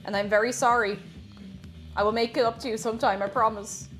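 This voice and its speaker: A woman's voice: a little high, steady tone, brisk, fairly bright tone, soft background music. A young woman chatting on a baking live stream, greeting viewers one by one and laughing often.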